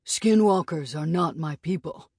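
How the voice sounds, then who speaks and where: A woman voicing a solemn, deep-voiced Native scout speaking from the dark, in an audiobook. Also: measured pace, no echo, clean studio sound.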